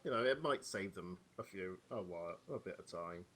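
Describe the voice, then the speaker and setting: A man's voice: low voice, animated, a little fast, a bit bright, poor audio. A man playing his character in a tabletop game, chatty and sarcastic, talking over a voice call. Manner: chatty, sarcastic, laughs often. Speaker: player. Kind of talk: in-character tabletop role-play over voice chat. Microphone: computer mic on a voice call.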